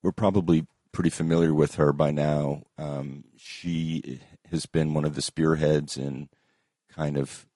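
A man hosting casual commentary, talking with many ums and uhs and pausing often. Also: rumbling low, a little mellow, dry recording, clean studio sound.

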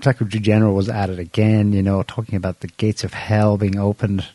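A man's voice: on the low side, little pitch movement, fast, dark tone, no echo. A man hosting a casual political chat, wry and sarcastic, laughing at his own points. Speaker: podcast host.

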